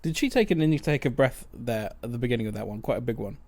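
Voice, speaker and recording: A man's voice: mid-range voice, lively intonation, quick pace, darkish tone. A man streaming a video game, thinking aloud in casual, muttered commentary.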